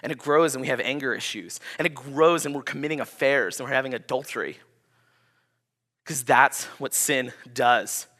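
A young adult man, a pastor, preaching a sermon in a conversational, animated storytelling way. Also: medium pitch, moderate pace.

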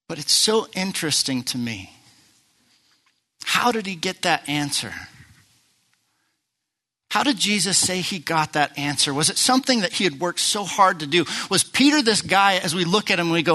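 A man preaching a sermon, animated and playful, acting out the voices of the Bible figures he retells. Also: high voice, normal speed. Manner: animated, acts out Bible voices, jokes with the crowd. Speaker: pastor.

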